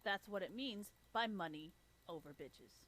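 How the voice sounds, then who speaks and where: A woman's voice: mid-range voice, lively intonation, unhurried, fairly bright tone. Young woman streamer, mid-range voice, blunt casual swearing rant. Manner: blunt, heavy swearing, laughs often.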